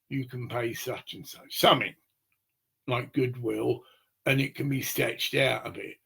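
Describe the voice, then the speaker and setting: A man's voice: medium pitch, steady tone, a little slow, gravelly, pushed and bright, husky. A man, talking in a rambling, profane monologue to the camera. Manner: rambling, profane, acts out little scenes.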